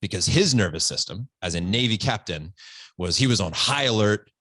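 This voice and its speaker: A man's voice: on the low side, moderate pace, breathy edge, no echo. A man in his forties telling a personal story on a podcast, earnest and open, close to tears at times. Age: 40s. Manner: earnest, open, animated retelling with quoted voices. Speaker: podcast guest.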